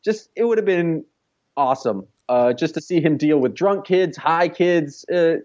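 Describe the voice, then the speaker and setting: Male podcast co-host, rambling and loose, slightly high voice, muffled audio. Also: animated, measured pace, darkish tone. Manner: rambling with many "like" fillers. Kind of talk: casual sports podcast chat.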